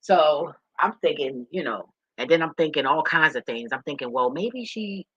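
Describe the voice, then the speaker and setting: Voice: medium pitch, moderate pace, a bit bright, breathy edge, no echo, lo-fi sound. A vlogger talking straight to viewers in a rambling, profane and emotional way. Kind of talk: candid monologue to viewers.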